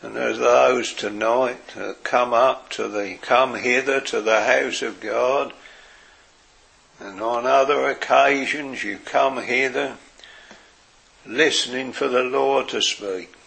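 A man preaching a sermon in an earnest way, dropping his voice softly for quoted words. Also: mid-range voice, fairly even intonation, creaky. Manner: slow, earnest preaching with soft, quiet quoted phrases.

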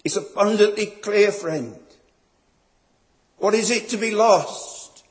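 A man with a high-pitched voice preaches slowly, in a solemn and emphatic manner, building each point through repeated phrases. The long reverb of a large hall surrounds the recording.

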